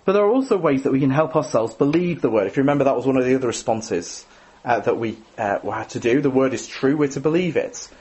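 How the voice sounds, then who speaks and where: A man delivers a sermon with an easy, conversational manner, tossing in tag questions and gentle self-deprecating asides. His pitch sits in an ordinary middle register but moves around a great deal, rising and falling expressively as he talks. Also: lively intonation, fast. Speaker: preacher.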